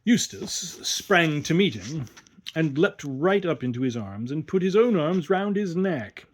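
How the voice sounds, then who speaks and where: A man giving an expressive storytelling reading, narrating a classic short story aloud. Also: a little high, a little slow. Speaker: audiobook reader. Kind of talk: scripted narration.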